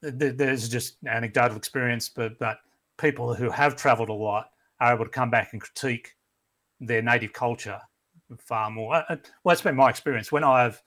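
A man's voice: medium pitch, fairly quick, fairly bright tone. A man, a theology lecturer speaking as a podcast guest, answering in a thoughtful, hesitant way. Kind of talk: casual discussion.

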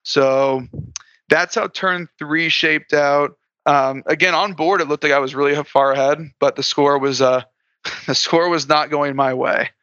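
A man's voice: a little high, fairly even intonation, unhurried, sharp tone, clean tone, dry recording, muffled recording. A man casually recounting a tabletop game on a podcast, restarting his sentences and laughing lightly. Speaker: guest player.

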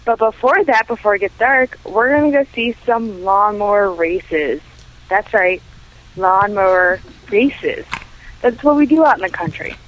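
A woman's voice: mid-range voice, lively intonation, unhurried. A woman leaving a playful, chirpy voicemail greeting for a podcast. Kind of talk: voicemail message. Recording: dull lo-fi voicemail audio with faint noise.

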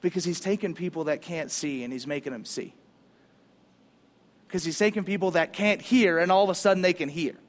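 A male pastor preaching a sermon in an animated, casual, conversational way, using slang. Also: high voice, brisk.

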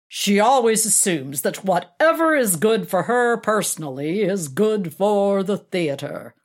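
A woman reading aloud voices a big middle-aged character actor, blunt and matter-of-fact, with crude jokes. Her delivery is slow and animated. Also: medium pitch, pitched above the performer's own voice.

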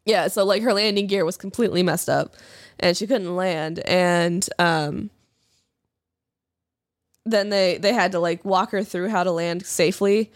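A woman's voice: fairly low pitch, steady tone, unhurried, no echo, clean studio sound. Chatty young woman co-hosting. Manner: chatty storytelling, rambling with fillers. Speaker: podcast co-host. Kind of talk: casual chat.

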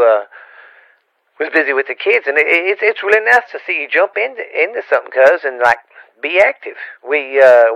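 A man's voice: on the high side, creaky, sharp tone, dry recording, pitched above the performer's own voice, poor audio. A man voicing a rambling, affectionate older Cajun uncle in a put-on Louisiana accent, stammering through repeats and folksy rhymes on a comedy podcast. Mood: excited. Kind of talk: comedic podcast character bit.

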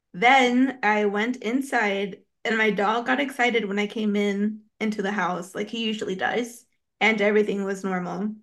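A woman's voice: fairly high pitch, fairly bright tone. A woman co-hosting a podcast in casual chat, reading stories aloud and giggling often. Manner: giggly, reads stories in an easy, unhurried way. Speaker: podcast co-host.

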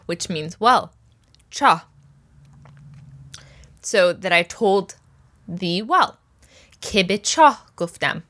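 A woman's voice: mid-range voice, fairly bright tone. Patient woman teaching word by word. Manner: patient, repeats words slowly for learners. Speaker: language teacher. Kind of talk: step-by-step language lesson.

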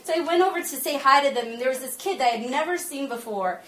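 Speaking to a small group, a fairly high-voiced woman blends a sermon with her own stories, chatting in a lively way and laughing a lot. When she moves to earnest teaching, her pace slows and her tone softens, all captured with a roomy echo and faint background ambience.

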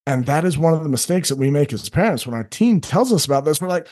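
A middle-aged man who works as a life coach, talking earnestly on a podcast and often acting out other people in quick asides. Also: a little high, animated, a little mellow. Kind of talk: candid podcast conversation.

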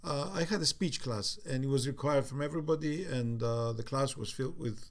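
A man in his sixties with a Cypriot accent, recounting his life as an interviewee in a halting way with many fillers and restarts. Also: mid-range voice. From Cyprus. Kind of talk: reflective storytelling.

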